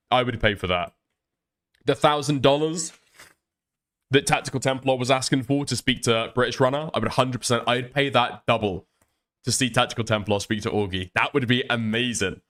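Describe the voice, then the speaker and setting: A man's voice: medium pitch, a bit bright. A man doing casual reaction commentary on a stream, chatty and profane, often laughing as he talks.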